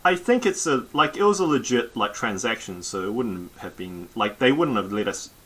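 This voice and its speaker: A man's voice: lowish voice, lively intonation, normal speed, a bit bright, rough recording. A man playing a tabletop game, casually and animatedly describing his character's actions. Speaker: player.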